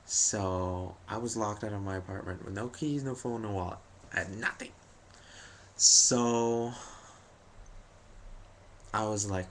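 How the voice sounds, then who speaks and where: A man's voice: fairly low pitch, fairly even intonation, normal speed, vocal fry, background noise. A young man telling a story about his day to camera, rambling and jokey, with lots of fillers and self-deprecating asides. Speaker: vlogger.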